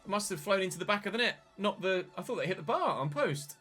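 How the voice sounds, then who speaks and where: A man, casually commentating his football management game and breaking into excited shouts at big moments. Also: high voice, fast, breathy edge, faint music behind. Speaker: gaming channel host.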